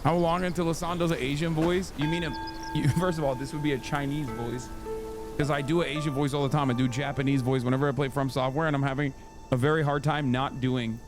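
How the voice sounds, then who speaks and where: A man in his thirties with a slightly high voice riffs casually while he plays a video game, cracking jokes and answering his chat. Loud game music plays under his voice. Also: steady tone, quick pace. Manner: joking, talks to chat. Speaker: streamer host. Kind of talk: casual gameplay commentary.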